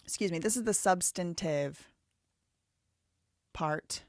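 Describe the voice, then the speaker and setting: A woman's voice: on the low side, takes it slowly, darkish tone, no echo, studio quality. A woman in her thirties hosting a live stream, rambling casually and thinking aloud with lots of "like" fillers. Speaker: livestream host.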